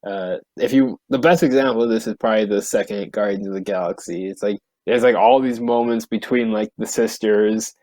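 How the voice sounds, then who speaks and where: A man's voice: fairly low pitch, a little fast, hardly any pauses, warm tone, no room sound. A young man co-hosting a podcast, talking things through in a thoughtful, rambling way full of fillers. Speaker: podcast co-host. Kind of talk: casual chat.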